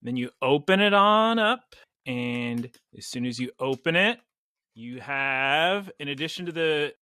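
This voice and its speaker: A man hosting a casual podcast, his voice bright and forceful, a little higher than most men's. He tells stories with animated energy and laughs often, on a dry, close recording. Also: measured pace, smooth, no room sound. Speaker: podcast host.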